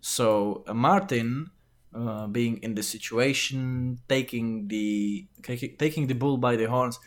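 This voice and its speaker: Regular-pitched guy riffing on game theories, lots of uhs, jokey. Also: unhurried. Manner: loose and joking, filler-heavy. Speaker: podcast co-host. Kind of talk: casual lore discussion.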